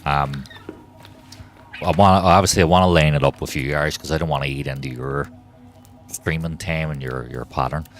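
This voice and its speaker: A man's voice: extremely low pitch, fairly even intonation, a little fast, pauses often. A man chatting casually on a live game stream, rambling and swearing freely while he talks to his chat.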